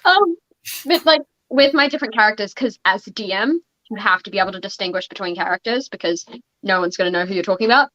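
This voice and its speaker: A woman's voice: medium pitch, quick pace, bright, forceful tone. Young woman, game master host, casual chat, muffled stream sound, many restarts. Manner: chatty, lots of fillers and restarts.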